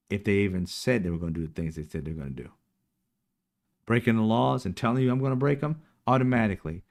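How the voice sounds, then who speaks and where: Fairly low in pitch and a little mellow, a man runs a casual political livestream as a commentary show host. He talks emphatically and ridicules his opponents with put-on quotes.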